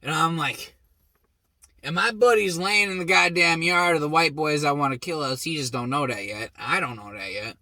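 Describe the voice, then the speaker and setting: A young man hosting his own show, telling a story in a blunt, heavily profane, animated way and acting out the people he quotes. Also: fairly high pitch, moderate pace, no echo. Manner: acts out quoted lines with raised shouting voice. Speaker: host. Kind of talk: casual storytelling monologue.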